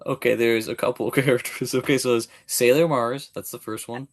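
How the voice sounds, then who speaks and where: A man's voice: mid-range voice, fairly even intonation, fairly quick. A man hosting a podcast interview, eager and apologetic and laughing often. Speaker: podcast host. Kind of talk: casual interview chat.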